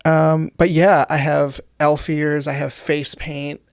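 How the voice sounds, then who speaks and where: A young woman with a gravelly, fry-edged voice talks in a casual interview. She delivers dark jokes deadpan and chuckles at them. The sound is dry and close, with no room. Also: low voice, takes it slowly, dry recording. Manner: deadpan, dark humor, laughs at own jokes. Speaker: guest comedian.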